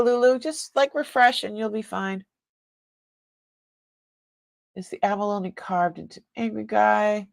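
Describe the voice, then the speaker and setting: A woman's voice: medium pitch, fairly even intonation, moderate pace, creaky, no room sound. A woman hosting a live online jewelry sale, chatting casually with viewers and rambling, often breaking off mid-sentence. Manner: chats with viewers reading comments.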